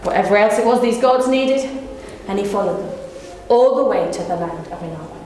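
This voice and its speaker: A woman's voice: mid-range voice, expressive, brisk, a little mellow. A woman storyteller performing live for a small audience, playful and teasing. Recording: echoey room with faint hum.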